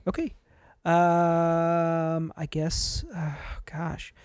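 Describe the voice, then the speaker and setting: A man's voice: fairly high pitch, completely flat delivery, very slow, a little mellow, clean tone, dry recording, clean studio sound. A young man co-hosting a casual podcast, laid-back and hesitant, with lots of fillers. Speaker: podcast co-host. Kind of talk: casual chat.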